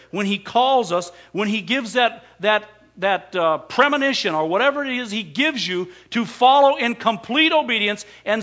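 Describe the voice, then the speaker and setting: A man's voice: high voice, fairly bright tone, muffled recording. A man preaching a sermon, asking the congregation rhetorical questions and pressing his points with emphasis. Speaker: pastor.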